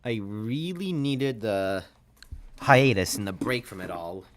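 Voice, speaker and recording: A game streamer chatting casually on a livestream, rambling and restarting sentences often, with lively swings in energy. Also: medium pitch, takes it slowly, a little hiss or hum. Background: game music.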